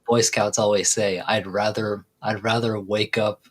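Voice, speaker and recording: A man's voice: on the low side, little pitch movement, a little slow, breathy edge. A man hosting a live stream, chatting casually and rambling with a laugh. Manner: laid-back, rambling, laughs at own jokes. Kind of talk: casual chat.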